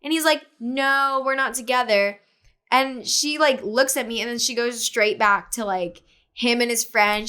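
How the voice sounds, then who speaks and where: Young woman, podcast guest, casual storytelling, filler-heavy, smooth clear voice. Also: fairly high pitch, normal speed. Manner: animated retelling with many fillers, acting out others' lines.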